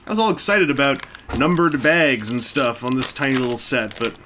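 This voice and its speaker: A man's voice: mid-range voice, lively intonation, moderate pace, background noise. A man casually chatting while he builds a brick set, rambling along with self-mocking jokes and asides. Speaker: toy-building video host. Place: indoors at a table.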